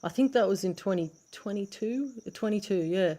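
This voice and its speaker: A woman's voice: medium pitch, animated, normal speed, mellow. An Australian woman in casual conversation, telling a blunt, sweary story and acting out what people said. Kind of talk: casual chat.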